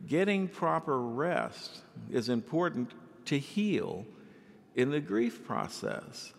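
A man's voice: on the high side, takes it slowly, gravelly. Preaching man in an echoing hall. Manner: animated preaching, acts out quoted voices. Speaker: pastor. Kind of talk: sermon.

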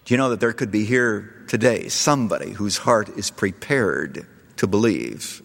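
Preacher with lively, swooping delivery. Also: male voice, on the low side, normal speed, vocal fry. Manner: storytelling, rising to loud impassioned appeals. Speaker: pastor. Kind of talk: sermon. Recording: long reverb of a large hall.

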